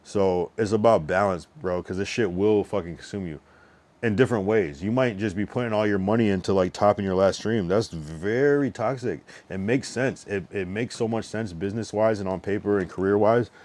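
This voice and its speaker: A man's voice: on the low side, normal speed, a little mellow. A young man on a livestream, chatting loosely with lots of slang and swearing, drunk, stuffed and a little out of breath. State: drunk and overfull, a bit out of breath. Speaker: streamer. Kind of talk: casual livestream chat.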